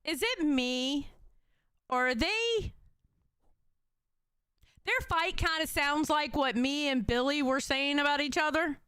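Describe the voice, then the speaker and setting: A woman's voice: sits high, slow pace, pauses often, fairly bright tone, no room sound, clean studio sound. Blunt, foul-mouthed woman streamer. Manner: blunt, profane, teasing banter. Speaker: streamer reacting to clips. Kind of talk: casual live-stream chat.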